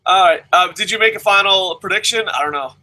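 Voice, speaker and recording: A man's voice: high voice, fairly quick, sharp tone, low-quality recording. A man hosting a wrestling preview chat, ranting with heavy swearing and passion. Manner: profane, impassioned ranting. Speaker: host.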